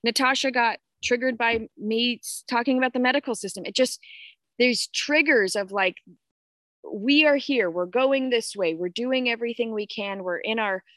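A woman's voice: a little high, normal speed, a bit bright, no room sound. Candid swearing woman, dry close sound. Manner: candid, swears freely, greets viewers. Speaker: podcast host. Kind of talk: casual spiritual live talk.

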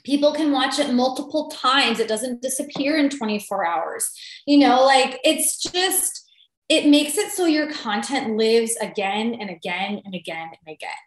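A woman's voice: fairly high pitch, normal speed. Chatty woman co-host, roomy sound. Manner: chatty, animated, self-deprecating. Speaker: podcast co-host. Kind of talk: casual chat. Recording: roomy echo.

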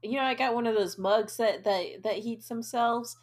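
A woman's voice: on the high side, normal speed. A young woman co-hosting a casual podcast, joking and swearing freely. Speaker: podcast co-host. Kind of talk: casual chat.

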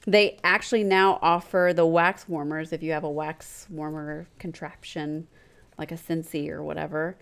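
A woman co-hosts a chatty podcast. Her voice sits a little low, and her delivery is blunt, often repeating a point for emphasis. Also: fairly even intonation, moderate pace, creaky, clear, resonant tone. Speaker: podcast co-host. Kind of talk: casual chat.

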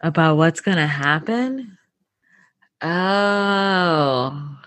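A woman's voice: low voice, drawn-out words, no echo. A woman in her thirties, a comedian guest, talking casually and animatedly with plenty of fillers. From United States. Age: 30s. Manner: animated, upbeat, lots of fillers. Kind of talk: casual interview chat.

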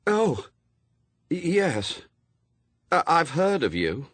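A man reading aloud, voicing a tearful young woman who speaks softly and stammers. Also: fairly high pitch, very animated, moderate pace, no room sound, voice pushed up. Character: young woman, tearful, shy then brightening.

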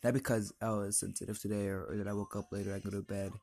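Earnest teen boy host, deep voice. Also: flat delivery, quick pace, gravelly, darkish tone, soft background music. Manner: earnest, emotional, confiding. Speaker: podcast host. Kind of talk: personal storytelling monologue.

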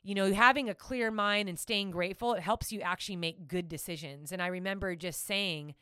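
A woman's voice: mid-range voice, a little fast, smooth, no echo, studio quality. A woman telling a travel story in casual chat, giggling and acting out quotes. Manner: animated, giggly, acts out quotes.

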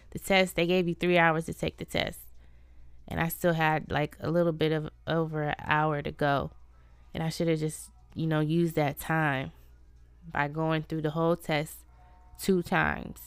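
A woman's voice: deep voice, a bit bright, smooth, no echo. A woman hosting her own podcast, venting in a casual, profane, self-deprecating way. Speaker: podcast host. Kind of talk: casual solo podcast monologue.

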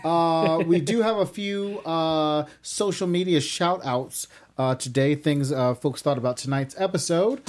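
A man's voice: on the high side, measured pace, few pauses, a little mellow, slight background noise. Chatty man hosting an after-show. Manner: chatty, steers the talk with fillers. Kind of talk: casual chat, moderating.

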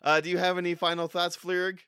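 A man's voice: high-pitched, flat delivery, fairly quick, pushed and bright, clean tone, dry recording, clean studio sound. A man hosting a comedy podcast, playful and rambling, often breaking into laughter. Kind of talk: casual comedy podcast chat.

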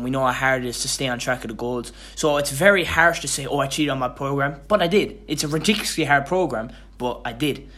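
A young man talks alone into his podcast mic, tired and loosely rambling. His voice sits at an ordinary middle pitch, and he starts sentences over and throws in casual swearing as he goes. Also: a bit bright. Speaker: podcast host. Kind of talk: casual motivational monologue.

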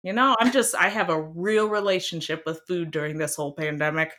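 A young woman from Iowa chatting casually as a guest, animated and emphatic, often laughing. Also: on the low side, fairly quick. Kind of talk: casual chat.

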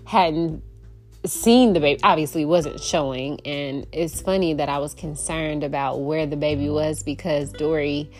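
A young woman with a notably low voice tells a personal story in a heartfelt, animated way, often breaking into laughter. Faint guitar music plays softly behind her. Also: measured pace. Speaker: podcast host.

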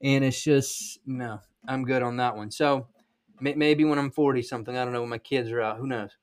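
A man in his thirties with a Southern accent talks through a casual podcast monologue. His voice sits at an everyday middle pitch, and his manner is blunt and emphatic, with frequent ums and restarts. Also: fairly quick. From South Georgia, USA. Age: 30s. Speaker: podcast host and sales trainer.

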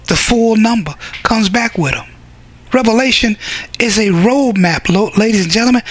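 A man preaching a fervent sermon, reading scripture aloud and breaking into shouts to drive his points home. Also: high voice, animated, moderate pace, a little hiss or hum.

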